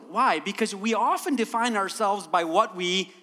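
A man's voice: high voice, normal speed, long reverb tail. A man preaching a sermon as a guest, telling stories and asking the congregation rhetorical questions. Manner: warm storyteller, rhetorical questions.

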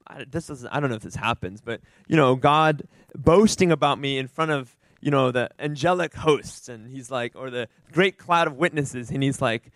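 A man giving an earnest, animated testimony to a church gathering, rambling and restarting as he talks. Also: mid-range voice, normal speed, no echo, low-quality recording. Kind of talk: informal sermon sharing.

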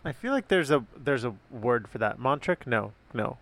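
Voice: mid-range voice, lively intonation, moderate pace, a bit bright. A co-host in a casual chat about music, making jokey asides. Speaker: podcast co-host.

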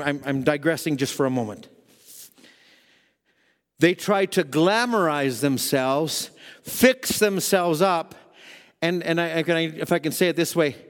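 A man preaching a sermon in church, fervent, dropping to a hush and rising to shouts. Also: mid-range voice. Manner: fervent, swings from hushed to shouting. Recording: long hall reverb.

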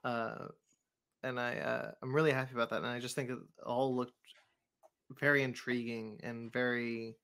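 A man co-hosting a podcast, speaking in a hesitant, halting way while chatting about films. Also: medium pitch, level tone, fairly bright tone, smooth. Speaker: podcast co-host. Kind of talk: casual movie chat.

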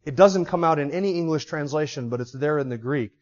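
A man preaching an expository sermon, moving from quiet explanation to loud, repeated declarations. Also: a little high, fast talker. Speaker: pastor. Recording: dull lo-fi recording.

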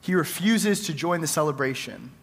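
Male pastor, conversational sermon storyteller, slightly high voice, long hall reverb. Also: animated, normal speed, fairly bright tone. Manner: conversational storytelling preacher, acts out quoted lines.

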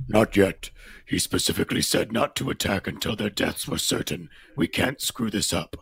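Man doing a stern alien warrior, deep, slow, gravelly; dry close sound. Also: lively intonation, fairly bright tone, no echo, exaggerated voice. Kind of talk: reading a script aloud.

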